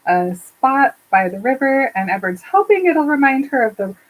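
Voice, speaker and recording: A woman's voice: sits high, sing-song, moderate pace, phone-quality sound. A woman co-hosting a podcast, casually retelling a book chapter and acting out the characters' lines with frequent laughs. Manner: retells scenes with quoted character voices, laughing often. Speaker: podcast co-host. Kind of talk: casual book recap chat.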